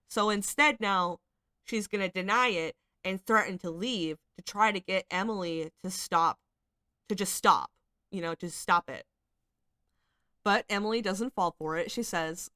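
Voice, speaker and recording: This woman comments on screenshots for her channel in a bright, forceful, medium-pitched voice at a moderate pace. Her casual remarks wander, are full of hedges and fillers, and carry an exasperated, critical edge. The studio-quality audio has no room sound.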